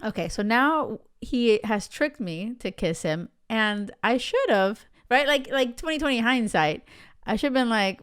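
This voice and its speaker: A woman's voice: a little high, lively intonation, measured pace, smooth. A woman hosting a podcast, telling personal stories in a chatty way and checking in with listeners. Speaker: podcast host. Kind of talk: casual storytelling monologue.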